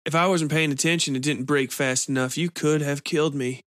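Man voicing a soft-spoken woman, calm and menacing, higher voice, storybook reading. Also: fairly quick, no room sound, studio quality, natural voice.

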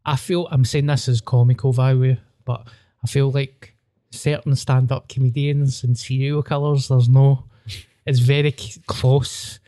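A man's voice: mid-range voice, little pitch movement, a little slow, dark tone, no room sound, studio quality. A Glaswegian man in his thirties, hosting a podcast with sweary, rambling storytelling in casual chat. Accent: Scottish, Glasgow. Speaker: podcast host.

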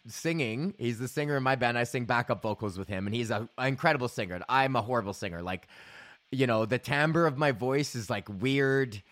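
A man's voice: medium pitch, a bit bright, dry recording. A young man hosting a podcast, telling loose, profane stories in a rambling casual monologue. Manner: loose, profane storytelling with laughs. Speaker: podcast host and comedian.

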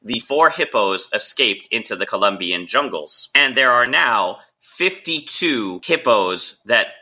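A hoarse man hosts a medical podcast in a wry, playful way. His voice is very bright, and his pitch swings widely as he tells stories. He sounds like a man fighting off a cold. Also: lively intonation, measured pace. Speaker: podcast host, internal medicine doctor. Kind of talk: casual chat.

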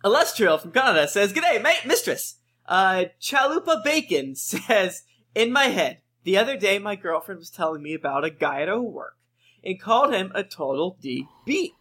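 A man's voice: high voice, sing-song, moderate pace, sharp tone. A man co-hosting a casual podcast among friends, reading listener reviews aloud with playful, jokey emphasis.

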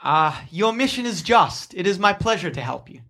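A man voicing Romeo, a noble, gentle male giant dog who speaks formally. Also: mid-range voice, very animated, normal speed. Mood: solemn. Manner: solemn, formal speech.

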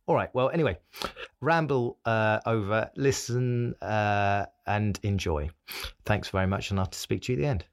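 A man's voice: fairly low pitch, normal speed. A middle-aged British man hosting a comedy podcast, rambling casually with many fillers and restarts. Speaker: podcast host. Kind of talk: casual podcast intro and chat.

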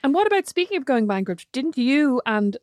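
A woman chats and teases in quick, brisk bursts, chiming in often. Her voice is mid-pitched, recorded close and dry. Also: very animated, a little mellow, no echo. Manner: quick teasing interjections. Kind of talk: casual chat.

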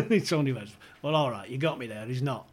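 Speaking at a moderate pace in a mid-range voice, a man appears as a podcast guest with a comic football tale. He animates it by acting out what people said and laughs a lot along the way.

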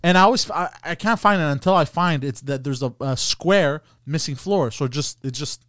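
A man's voice: fairly high pitch, moderate pace, fairly bright tone, no echo, studio quality. A man co-hosting a podcast in casual chat, hesitant, full of fillers and losing his train of thought. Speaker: podcast co-host.

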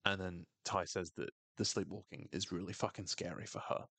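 Guy with a lowish voice doing a swear-heavy tv recap, dry close sound. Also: normal speed, husky, no echo. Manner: animated, sweary and wry. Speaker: podcast co-host recapping a TV episode. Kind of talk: casual recap chat.

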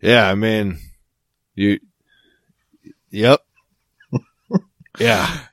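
Laid-back low-voiced man on a podcast. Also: sing-song, very slow, vocal fry, fairly bright tone, dry recording. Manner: laid-back, swears casually, dry jokes. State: clearing throat with hiccups. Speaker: podcast co-host. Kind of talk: casual chat.

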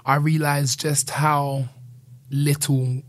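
Slow and a little high-pitched, this man's voice shows little pitch movement. He is an earnest, candid interview guest in a reflective conversational setting, and he often tacks on "you know."

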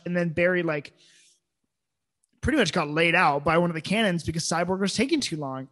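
A man in a casual chat about a film, excitable and gushing, often acting out quotes from scenes. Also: sits high, fairly quick. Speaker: film discussion co-host.

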